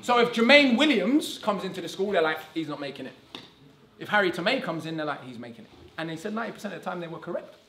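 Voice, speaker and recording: A man gives a lively, conversational conference talk at a rapid clip. His voice sits high and sounds bright. The sound is echoey, as if recorded in a hall. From England. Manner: animated and conversational, tags lines with "right?". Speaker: conference speaker. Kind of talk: public talk.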